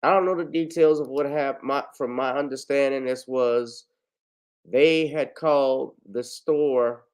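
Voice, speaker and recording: A man hosting his own video, talking through a news story in loose, profane casual commentary that often trails off quietly. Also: mid-range voice, clear, resonant tone. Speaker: vlog host.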